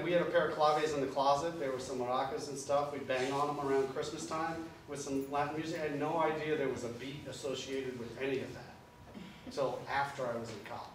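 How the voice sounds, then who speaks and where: A man's voice: mid-range voice, a little hiss or hum. A man in his sixties from New Orleans, coaching a school jazz band, joking and scatting rhythms aloud. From New Orleans, USA. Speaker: band clinician. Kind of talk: jazz band clinic instruction. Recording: echoey room from far off.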